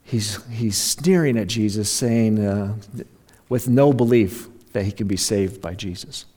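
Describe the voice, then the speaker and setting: A man's voice: on the low side, measured pace, warm tone. A man preaching a sermon, telling the story dramatically and briefly voicing the mocking crowd and the criminals. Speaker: pastor.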